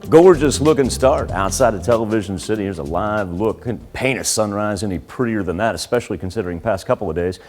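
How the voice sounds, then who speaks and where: A man's voice: lowish voice, animated, brisk, hardly any pauses, a little mellow, soft background music. A man giving a morning TV weather forecast in an upbeat, conversational manner.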